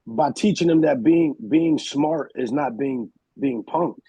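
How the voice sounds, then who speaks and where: Gravelly, husky man telling stories. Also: a little high, unhurried, dry recording, rough recording. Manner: animated storyteller, slangy, acts out quotes. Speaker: podcast co-host. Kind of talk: casual storytelling chat.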